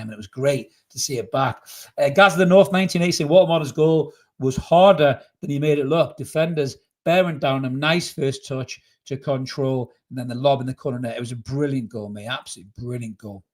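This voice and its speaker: A man's voice: mid-range voice, fairly quick, a little mellow. Chatty man host. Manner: chatty and emphatic, says mate and absolutely a lot, swears casually. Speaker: fan channel host. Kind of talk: live post-match reaction reading chat.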